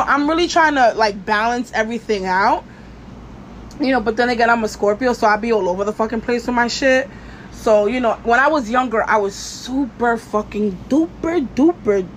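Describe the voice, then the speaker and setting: A woman's voice: on the high side, slight background noise. Blunt, profane woman podcaster venting. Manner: blunt, profane, lots of "you know". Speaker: podcast host. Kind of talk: casual venting monologue.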